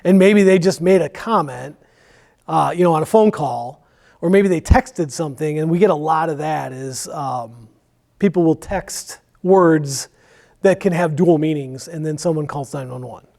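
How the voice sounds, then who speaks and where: A man's voice: a little high, moderate pace, vocal fry, a little mellow. A man who works as a firefighter, talking candidly about his job in a church Q&A, rambling with many fillers. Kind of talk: conversational Q&A in church.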